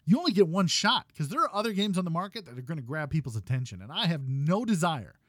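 Podcast co-host, male, lively sing-song delivery, dry close mic, chatty and rambling. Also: on the high side, quick pace, no echo. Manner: animated, laughing, rambling with restarts. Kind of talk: casual gaming podcast chat.

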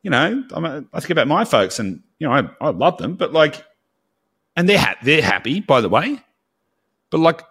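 A man's voice: on the high side, big pitch swings, moderate pace, a bit bright, breathy edge. Blunt man chatting on a podcast. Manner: candid, blunt, swears casually, acts out quotes. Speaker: podcast co-host. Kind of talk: casual podcast chat.

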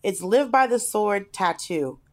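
Animated, blunt female co-host. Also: mid-range voice, measured pace. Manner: animated storyteller, blunt and expressive, swings between loud and soft. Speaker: podcast co-host. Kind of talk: casual chat.

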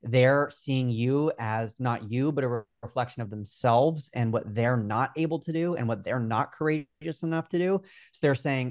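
An earnest, energetic young man in his twenties talks through his story as a podcast guest, often pausing on fillers. His voice sits at an ordinary middle pitch, recorded close with no room echo. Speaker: guest, Instagram growth coach. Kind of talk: casual interview talk.

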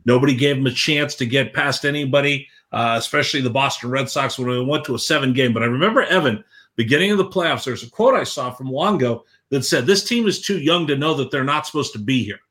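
A man's voice: medium pitch, quick pace, a bit bright. A man co-hosting a baseball podcast, a broadcaster telling a story in a conversational way. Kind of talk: casual sports talk.

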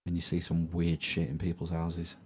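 A man's voice: deep voice, monotone, normal speed, darkish tone, slightly rough. A middle-aged English man hosting a podcast, chatting casually and telling stories with lots of swearing and laughter. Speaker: podcast host. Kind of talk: casual chat.

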